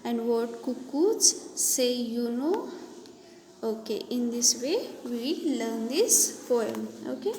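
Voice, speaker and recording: High-pitched woman teacher with a Marathi accent, slow, spelling words aloud; roomy echo, faint background noise. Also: animated, dark tone. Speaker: English teacher. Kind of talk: reading and explaining a children's poem.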